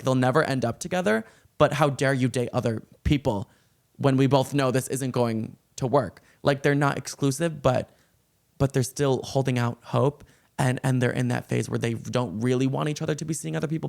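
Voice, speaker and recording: A man in a chatty celebrity gossip vlog, talking in a breathless, gushing way. His mid-pitched voice has a gravelly fry running through it. He sounds like he is piecing together a pop culture mystery for his viewers. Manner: breathless, gushing, reads song lyrics aloud.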